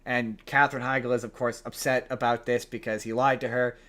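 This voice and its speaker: A man hosting a podcast, casually retelling a film plot in a rambling, animated way. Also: mid-range voice, a little fast. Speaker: podcast host. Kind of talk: casual chat.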